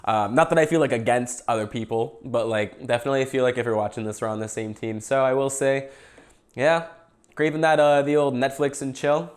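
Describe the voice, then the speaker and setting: A man's voice: mid-range voice, steady tone, fairly quick. A young Canadian man hosting a casual podcast livestream, rambling and joking while he eats. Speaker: podcast host.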